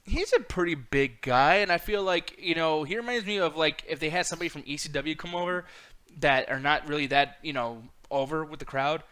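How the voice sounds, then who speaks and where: Lively, fast-talking man in casual chat. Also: fairly high pitch, clear, resonant tone. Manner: laughs often, swears freely, animated. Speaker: podcast co-host. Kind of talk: casual profane wrestling chat.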